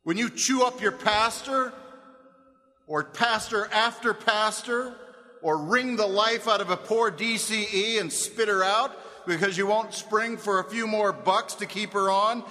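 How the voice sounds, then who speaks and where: A man's voice: high voice, a little slow, pushed and bright. A man preaching a sermon, fervent and accusing, voicing the crowd's cries with drama. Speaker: pastor. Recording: reverberant hall.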